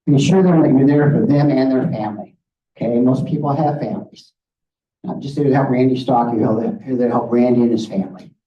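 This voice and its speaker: A man's voice: mid-range voice, brisk. Earnest middle-aged man, distant and roomy. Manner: earnest, direct, frequent "okay?". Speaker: guest speaker on grief. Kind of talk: presentation with slides. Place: meeting room. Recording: roomy, distant, muffled room audio.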